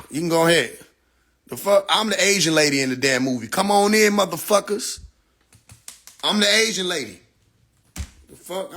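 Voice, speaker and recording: Brash, profane man ranting with a husky voice. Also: fairly high pitch, sharp tone. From Atlanta. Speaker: livestream host. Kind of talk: casual livestream rant. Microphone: phone.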